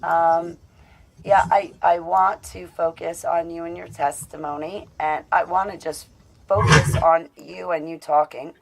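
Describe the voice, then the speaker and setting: A woman's voice: on the low side, level tone, unhurried, creaky, poor audio. A woman hosting a casual live video-call show, talking in an affectionate, rambling way with many fillers. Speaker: host of an online show. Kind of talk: casual live-stream chat.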